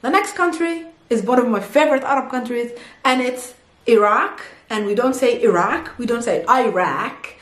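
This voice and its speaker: A woman from Palestine, a native Arabic speaker, teaching an Arabic lesson and repeating words slowly for pronunciation. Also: on the high side, echoey room. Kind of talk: video language lesson.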